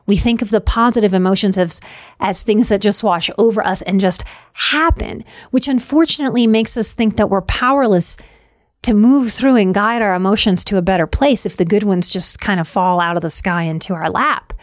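A woman's voice: mid-range voice, normal speed, no room sound, studio quality. A middle-aged woman hosting a reflective talk on anxiety, speaking earnestly with repeated emphasis and the odd "y'all". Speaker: podcast host on anxiety.

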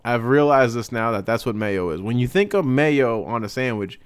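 A man's voice: mid-range voice, moderate pace, smooth, no echo. A young man co-hosting a podcast, telling a casual story and acting out what others said. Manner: animated storyteller acting out quotes. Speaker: podcast co-host.

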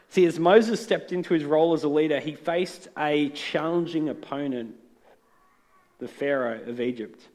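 A man's voice: fairly high pitch, moderate pace, a little mellow. A man preaching a sermon in an earnest, conversational way with touches of humor. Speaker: pastor. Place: church.

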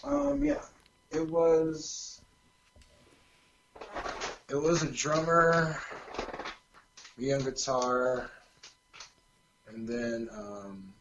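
Relaxed man from California, chatty guest, slightly dull audio. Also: medium pitch, drawn-out words, long pauses. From California, USA. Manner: easygoing, chatty, lots of "like". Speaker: guitarist guest. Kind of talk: casual chat.

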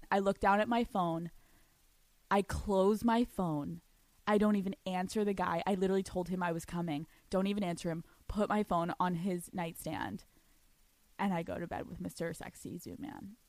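A woman's voice: a little high, a bit bright, no echo. A young woman hosting a solo podcast, telling a story in a brash, profane way with frequent laughter. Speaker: podcast host.

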